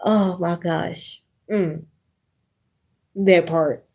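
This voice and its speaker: A woman's voice: lowish voice, steady tone, extremely slow, creaky, a little mellow. Blunt, profane woman ranting on a livestream. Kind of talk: casual livestream rant.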